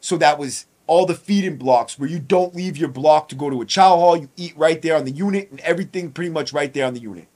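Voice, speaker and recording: Male podcast host, fairly high voice, swearing and storytelling about prison life. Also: quick pace, few pauses. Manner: profane, animated storyteller acting out guards' lines. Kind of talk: casual storytelling monologue.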